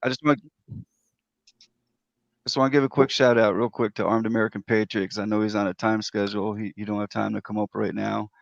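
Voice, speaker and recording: A man hosting a livestream, giving easygoing shout-outs to viewers. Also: fairly low pitch, flat delivery, fairly quick, creaky, dry recording, lo-fi sound. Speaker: livestream host.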